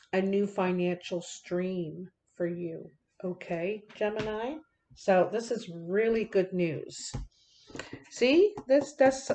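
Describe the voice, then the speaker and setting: A woman lays out playing cards and reads them aloud for her viewers. She speaks slowly in a slightly low voice. Her manner is folksy and direct, full of ums and asides. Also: warm tone. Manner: folksy, direct, many fillers. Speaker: card reader. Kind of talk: card reading to viewers.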